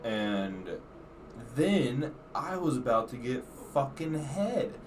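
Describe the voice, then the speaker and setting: A laid-back young man tells his own crude story in relaxed podcast chat. His voice sits a bit away from the mic, and clear background noise runs beneath it. His pitch stays in an ordinary middle range. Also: slow pace. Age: young adult. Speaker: podcast co-host. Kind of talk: casual chat. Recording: distant mic with noticeable noise.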